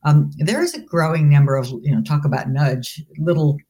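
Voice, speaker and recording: With a low-pitched, animated voice that's dark in tone and has a breathy edge, a woman leadership professor from a business school answers interview questions as a guest. She talks at normal speed, thoughtful and explanatory, often restarting and saying "you know."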